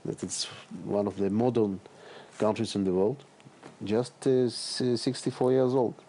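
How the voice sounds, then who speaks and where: A middle-aged man answering interview questions as a politician guest, speaking haltingly with many fillers and repeated words. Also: fairly low pitch, mellow, a little hiss or hum.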